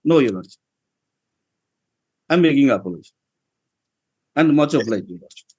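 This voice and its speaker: A man's voice: medium pitch, expressive, moderate pace, a little mellow, husky. A man with an Indian English accent, a lawyer arguing in court, deferential and pleading, stammering at times. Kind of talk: courtroom argument.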